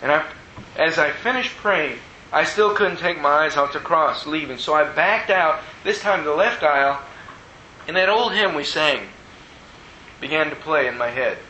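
A man preaching a sermon as a personal testimony, telling the story earnestly and moving between hushed and excited tones. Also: fairly high pitch, normal speed, lo-fi sound, slight background noise. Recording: roomy echo.

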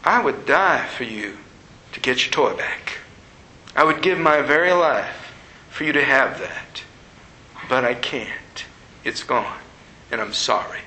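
A man voicing a tender, sorrowful divine male voice that speaks slowly and apologetically. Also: medium pitch, lively intonation, a little hiss or hum, voice pushed down, full character voice. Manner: soft, slow, apologetic. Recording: echoey room.

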